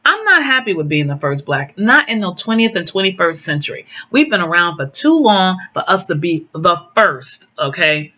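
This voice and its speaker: A middle-aged woman telling personal stories casually, acting out quoted dialogue with big jumps in pitch. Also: sing-song, normal speed, few pauses, bright, forceful tone. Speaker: guest sharing personal stories. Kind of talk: casual storytelling. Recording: dull lo-fi recording.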